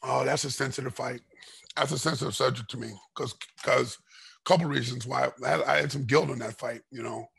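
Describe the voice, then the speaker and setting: A middle-aged man, a former fighter, telling a rambling story in a podcast interview and getting loud and heated as it goes. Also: medium pitch, fairly even intonation, fairly quick, vocal fry, slightly rough. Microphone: podcast microphone.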